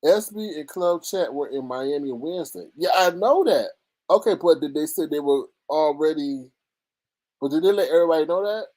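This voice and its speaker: Reading chat as he goes, a man offers casual gossip commentary on his livestream. His pitch is fairly high, his pace moderate, and his delivery animated and dramatic, broken up by lots of laughing.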